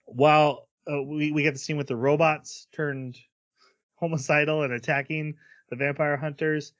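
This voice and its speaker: A man's voice: a little high, level tone, a bit bright, no echo. A man co-hosting a casual podcast, rambling through an anime episode recap and briefly acting out the characters' lines. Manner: rambling recap with quick acted-out character quotes. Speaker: podcast co-host.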